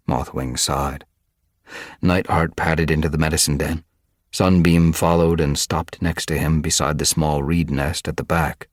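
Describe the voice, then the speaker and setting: A man reading a storybook aloud as narrator, steady and unhurried. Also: rumbling low, no room sound, clean studio sound. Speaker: audiobook reader. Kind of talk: audiobook narration.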